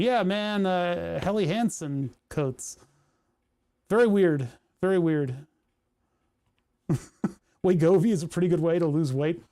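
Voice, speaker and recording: A man's voice: a little high, warm tone. A man from Pennsylvania livestreaming, chatting casually and rambling while reading his chat aloud. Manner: rambling, self-deprecating, reads chat aloud. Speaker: streamer.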